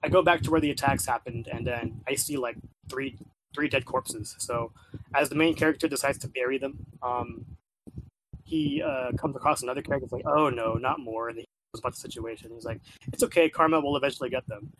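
A man's voice: mid-range voice, fairly even intonation, brisk, background noise. Rambling man in casual game chat. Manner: rambling, with many fillers and restarts.

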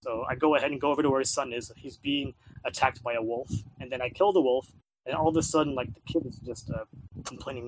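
A man chats casually about a video game he has been playing. He rambles, using lots of filler words and repeating himself as he restarts sentences. His voice sits at a middle pitch, and there is a faint hiss in the background. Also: steady tone, quick pace, poor audio. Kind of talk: casual chat.

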